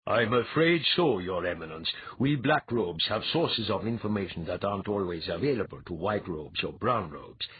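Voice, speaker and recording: A man voicing a shrewd, grave male priest envoy, measured and wry. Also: low-pitched, lively intonation, narrow, tinny audio, slight background noise. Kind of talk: audiobook character voice.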